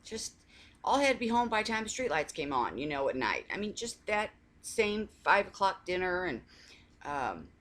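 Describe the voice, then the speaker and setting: Low-voiced woman in a rambling chat. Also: sing-song, moderate pace. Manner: rambling, warm storytelling with many restarts; laughs while telling family stories. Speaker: faith vlogger. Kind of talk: casual coffee chat.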